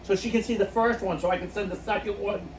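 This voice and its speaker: His voice sits high with fairly even intonation and a quick pace as he co-hosts a podcast, telling stories in casual chat. He giggles often, laughing through his own anecdotes. The sound is distant and roomy, with echo and faint noise.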